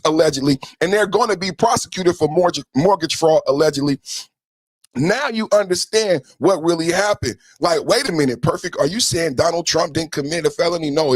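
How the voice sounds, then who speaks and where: A man hosting a podcast, giving a fiery, profane political commentary rant with mocking jabs and bursts of shouting. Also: on the high side, dry recording, rough recording. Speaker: podcast host.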